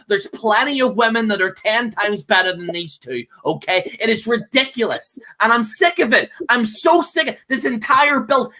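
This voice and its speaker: A man's voice: very high voice, pushed and bright. A man co-hosting a casual wrestling talk show, ranting angrily with lots of swearing and repetition. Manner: angry, profane, repeats himself, keeps ending with "okay?". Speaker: co-host. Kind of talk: casual podcast rant.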